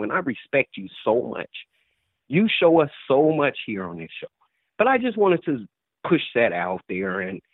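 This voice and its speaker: A man in his forties calling in to a show, speaking haltingly and repeating words as his voice rises with emotion. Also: a little high, no echo. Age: 40s. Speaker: caller. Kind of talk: emotional phone call to a show. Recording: tinny dry phone line.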